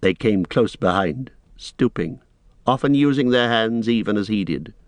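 This fantasy audiobook is read by a man with a fairly low pitch, who tells the story in a steady, measured way. No echo is present.

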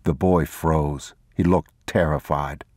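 A male narrator reading a novel aloud with a very deep, low voice and a measured, even pace. The recording is close and completely dry, with no room sound around it. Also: no room sound. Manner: measured, unhurried, even delivery. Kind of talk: scripted audiobook narration.

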